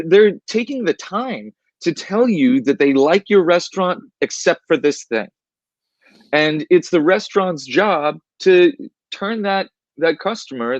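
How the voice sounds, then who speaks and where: A man with a fairly high voice lays out his points in a measured way on a news podcast. His audio sounds slightly dull and muffled, and the sound is dry and close. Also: no room sound. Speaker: podcast co-host. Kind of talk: casual news chat.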